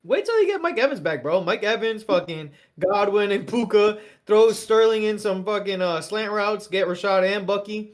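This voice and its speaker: A podcast co-host in casual sports chat, excitable and swearing, with the voice jumping up when worked up. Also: moderate pace, hardly any pauses. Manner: excitable, swearing, pitch jumps up when fired up.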